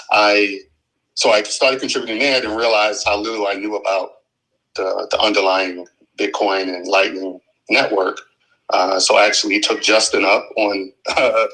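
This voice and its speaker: Low flat-voiced man, bright tone. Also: poor audio. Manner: relaxed, rambling with many fillers. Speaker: guest developer. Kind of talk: casual chat. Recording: audio chat app stream.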